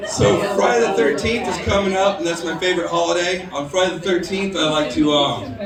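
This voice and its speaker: A man's voice: high voice, a little fast. A man doing a stand-up comedy set on a bar stage, rambling loosely with fillers and crude punchlines. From United States. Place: bar stage before a live audience. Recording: roomy bar recording from a distance, crowd heard.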